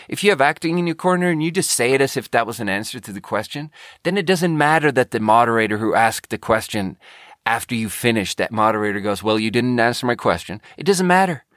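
A man talks through a casual podcast monologue at a middle pitch. He wanders and restarts his sentences, swears freely, and the sound is close and dry with no room echo. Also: a bit bright. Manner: rambling, self-correcting storytelling. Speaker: podcast host.

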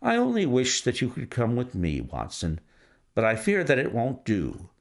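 A man reading aloud, playing a cool, self-assured gentleman detective with a measured, dry delivery. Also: mid-range voice, wildly swooping pitch, vocal fry. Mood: composed. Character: cool, precise gentleman detective, adult male.

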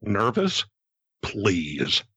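Brief: male narrator, husky, slow, lively pitch. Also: dry recording, highs cut off. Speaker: script narrator. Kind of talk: reading stage directions.

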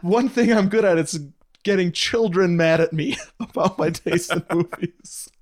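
A man co-hosting a casual podcast chat, joking with quick asides and laughing often. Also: high-pitched. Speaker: podcast co-host.

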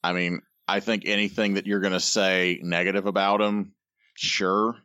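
A man's voice: low voice, little pitch movement, moderate pace, pushed and bright, clear, resonant tone, no echo, clean studio sound. A man co-hosting a podcast, chatting in a laid-back, teasing way. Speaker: podcast co-host. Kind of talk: casual chat.

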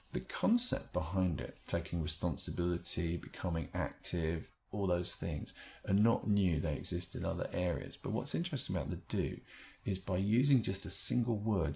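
A man giving an explanatory talk on handling stress, thoughtful, with lively rises in pitch and the odd restarted word. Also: creaky. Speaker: speaker explaining a stress technique.

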